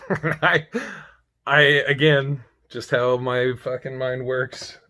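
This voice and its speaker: A man casually telling a darkly funny personal story, wry and profane, breaking into loud mock outrage. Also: medium pitch, flat delivery, slow.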